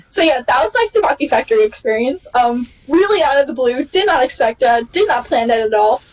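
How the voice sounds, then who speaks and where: High-voiced excitable woman podcast host. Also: quick pace, hardly any pauses, slight background noise, rough recording. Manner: excitable storyteller, acts out quotes with big pitch jumps. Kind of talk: casual podcast chat.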